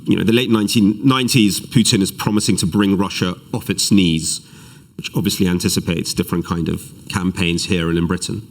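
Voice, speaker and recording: A man giving a live-streamed lecture as an author, animated, with self-deprecating asides and readings from his book. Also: lowish voice. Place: event hall, live streamed.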